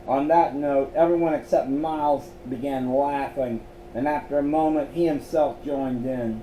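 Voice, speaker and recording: A man reading aloud from his own story, slowly, with stumbles and restarts. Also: fairly high pitch, steady tone, warm tone. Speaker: author and reader. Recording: roomy echo, faint background hum.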